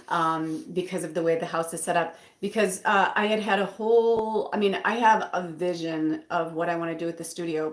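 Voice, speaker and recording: Rambling woman tarot reader, roomy echo. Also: on the low side. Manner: rambling, with many fillers and restarts. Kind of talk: casual rambling chat. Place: bedroom at home.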